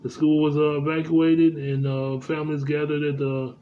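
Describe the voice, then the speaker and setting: A man's voice: on the high side, little pitch movement. A man vlogging the news, stumbling through reports with many fillers and restarts. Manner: halting, heavy with uh fillers and restarts. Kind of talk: casual news commentary, reading reports aloud. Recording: dull lo-fi sound, faint background noise.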